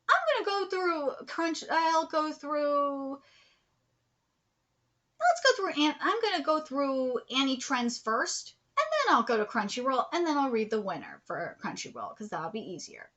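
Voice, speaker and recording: A woman's voice: high-pitched, sing-song, unhurried, fairly bright tone. A woman vlogger ranting in a commentary video, blunt and profane, hammering points with repetition. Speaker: anime vlogger.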